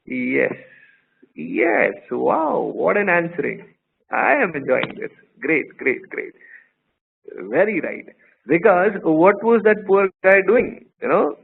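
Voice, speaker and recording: A man teaches a law class online in a live lecture, telling playful stories and quizzing his students. His voice is medium-pitched and creaky, heard over a tinny, phone-like line with faint noise.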